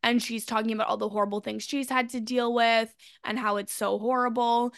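A fairly high woman's voice with a gravelly, fry-laden texture, recorded close and dry. She recaps an episode in easygoing chat, filling her sentences with "like" and quick restarts. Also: level tone, a bit bright, dry recording. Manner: chatty, many fillers and restarts. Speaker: podcast co-host.

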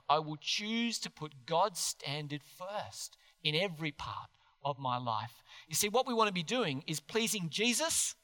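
A man preaching a sermon as pastor in a church, earnest and animated, putting questions to the congregation. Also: a little high. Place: church hall. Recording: long hall reverb.

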